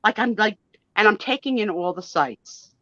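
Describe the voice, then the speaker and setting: A woman in her fifties, a guest on a live chat show, tells a story in a gushing, emotional, chatty way with some mild swearing. Her medium-pitched voice is animated, pushed and bright at a moderate pace. The recording is dull, lo-fi and dry with no echo.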